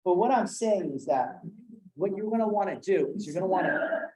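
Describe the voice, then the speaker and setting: A man running a live sales training session, animated, acting out different tones of voice as examples. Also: sits high, brisk. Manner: animated, demonstrates tones with acted quotes. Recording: echoey room.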